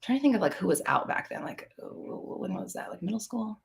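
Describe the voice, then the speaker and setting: A woman's voice: medium pitch, sing-song, a little fast, vocal fry. A woman hosting a casual live stream, telling rambling, profane stories and laughing as she reads the chat. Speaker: podcast host answering live chat.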